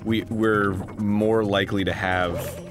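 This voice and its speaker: A man co-hosting a casual video game playthrough, swearing and breaking into loud frustrated outbursts. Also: on the low side, fairly even intonation, slow pace, over music. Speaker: co-host playing a video game. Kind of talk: casual let's-play chat.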